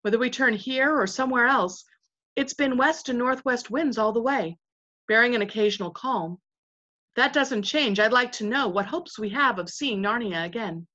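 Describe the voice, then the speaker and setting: A woman reading as a doubtful, questioning sailor, bright and lo-fi. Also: fairly high pitch, moderate pace. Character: male sailor, worried about getting home.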